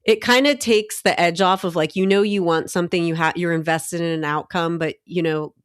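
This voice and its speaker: A woman's voice: fairly low pitch, fairly even intonation, a little fast, smooth, no room sound, studio quality. A woman co-hosting a money podcast, chatting in a playful, jokey way. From American South. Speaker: podcast co-host. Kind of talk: casual chat.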